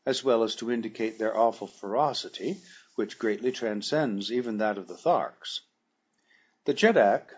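A man reading a classic adventure novel aloud in a measured, formal storytelling manner, with a husky voice. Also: on the low side, muffled recording. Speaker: audiobook narrator.

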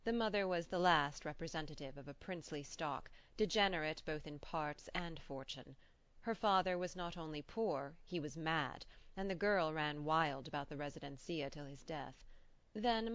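A woman's voice: deep voice, a bit bright, no room sound, dull audio. Woman reading as a wry polite doctor. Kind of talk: audiobook character reading.

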